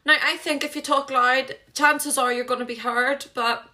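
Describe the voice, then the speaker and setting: Chatty, high-voiced Northern Irish woman. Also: fairly even intonation. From Northern Ireland. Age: 20s. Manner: chatty and rambling, self-conscious asides; talks fast and loud. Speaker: podcast host. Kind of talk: casual solo chat.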